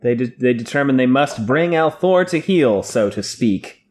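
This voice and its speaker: A man's voice: medium pitch, expressive, moderate pace, a little mellow. A man hosting a casual chat, recapping book chapters and acting out quotes in put-on voices. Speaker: podcast host summarizing a book.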